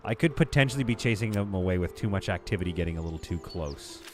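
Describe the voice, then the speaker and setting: A man streaming a city-building game, thinking out loud in a rambling, self-deprecating, casual way. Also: sits low, lively intonation, fast, a little hiss or hum. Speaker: gaming streamer. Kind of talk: casual live game commentary.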